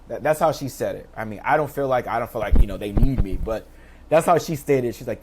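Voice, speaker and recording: A man in his thirties, a teacher and interview guest, telling his story in lively casual speech and acting out the people he quotes, heard over a video call. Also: fairly quick, slight background noise. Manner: animated, acts out quoted voices with pitch jumps.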